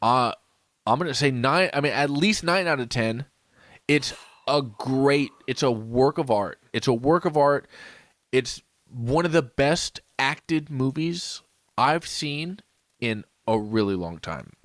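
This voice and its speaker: A man's voice: mid-range voice, expressive, slow, fairly bright tone, no room sound. Tipsy man rambling on a podcast. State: hiccuping, drunk. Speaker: podcast co-host. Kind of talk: casual chat.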